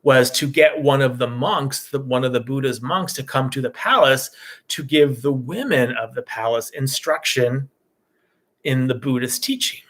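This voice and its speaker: A man who teaches meditation, retelling a story in a casual dharma talk with a loose, relaxed manner and many "you know" asides. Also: medium pitch, moderate pace.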